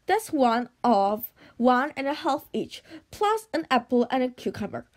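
Mild castaway husband, patient and a bit hurt, high voice, read by a woman. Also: big pitch swings, a little slow. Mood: mild, plaintive.

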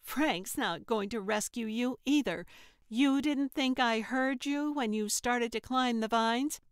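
A woman's voice: on the high side, takes it slowly, clean tone, no room sound, studio quality, voice pushed up. A woman voicing an angry, scornful young woman who threatens with a gun, in an audiobook. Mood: snapping threats. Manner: sharp, snapping, scornful. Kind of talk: audiobook character voice.

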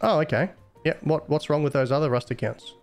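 Young guy, streamer-admin, fairly high voice, playful mocking tone, faint music underneath. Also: a little fast. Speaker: game server admin streamer. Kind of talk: casual live-stream chat.

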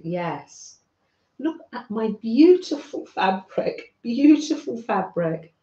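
Slow, chatty British woman streaming crafts. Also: on the high side. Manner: warm, chatty, talks to viewers by name, frequent soft laughs. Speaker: craft livestream host. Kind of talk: chatty live craft stream, greeting viewers. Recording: roomy, slightly dull sound.

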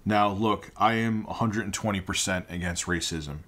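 A man's voice: sits low, moderate pace, fairly bright tone. A man giving ranting opinion commentary, indignant and heated, firing off rhetorical questions. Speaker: online commentator.

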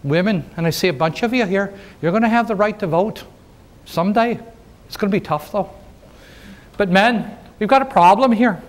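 A man performing as a jovial union organizer from the 1880s, folksy and full of jokes as he works the crowd. His voice sits high for a man. He talks straight to the audience in a first-person historical role-play. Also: normal speed, close to an everyday voice. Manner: folksy, joking, addresses the crowd directly. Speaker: living-history presenter.

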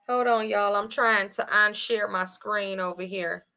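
Woman, course creator, casual livestream chat, bright tone, lively and talkative. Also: medium pitch, unhurried. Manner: chatty, animated, addresses viewers as y'all. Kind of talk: casual live-stream chat.

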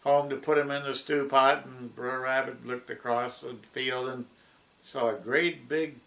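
Slow-talking pastor guy telling a story to his congregation, unhurried. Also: mid-range voice, steady tone, creaky, a bit bright. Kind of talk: sermon with storytelling.

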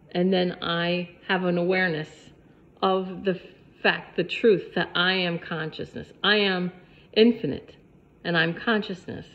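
A woman's voice: medium pitch, highs cut off. A woman vlogger giving a spiritual pep talk to camera, repeating her points emphatically in a preachy way.

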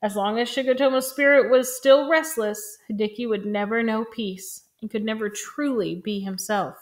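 A woman reading a novel aloud in a calm, even, measured way. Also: fairly high pitch. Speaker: reader.

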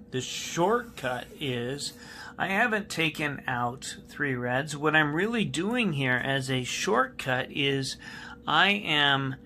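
Patient, bright-voiced man teaching math. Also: a little high, slight background noise. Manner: patient, repeats key steps, asks students questions. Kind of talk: recorded classroom math lesson.

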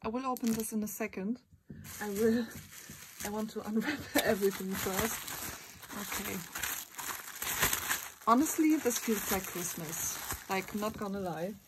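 A young woman in a casual unboxing vlog, gushing, giggling and often squealing in excitement. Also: medium pitch, measured pace, pauses often. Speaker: vlogger. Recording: crinkling packaging noise behind. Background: bubble wrap and packaging crinkles.

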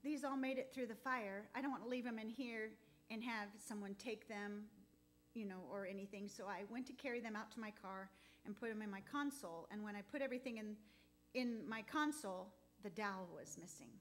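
A woman giving a heartfelt, halting testimony in church, close to tears at times. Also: mid-range voice, a little hiss or hum. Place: church sanctuary.

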